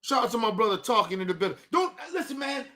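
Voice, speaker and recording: A male show host giving a heated, profane commentary rant, swinging from low muttering to shouting. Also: big pitch swings, quick pace.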